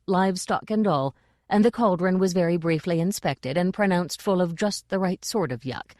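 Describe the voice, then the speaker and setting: Woman audiobook narrator, measured and expressive, lowish pitch, dry close sound. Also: dry recording. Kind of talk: scripted narration.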